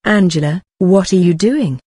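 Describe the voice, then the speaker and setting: A woman's voice: on the low side, animated, normal speed, dark tone, slightly rough, no echo, studio quality. A woman voicing an uneasy young woman in a storybook reading, hesitant and plain.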